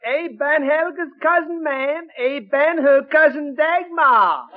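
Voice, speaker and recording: A man doing a falsetto fake Swedish maid. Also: fairly even intonation, drawn-out words, roomy sound, background noise, full character voice. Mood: sheepish. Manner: broken-grammar fake Swedish that sounds Southern. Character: man disguised as a woman maid, bumbling fake accent. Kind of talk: 1950s radio sitcom acting. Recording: lo-fi old radio with audience laughter.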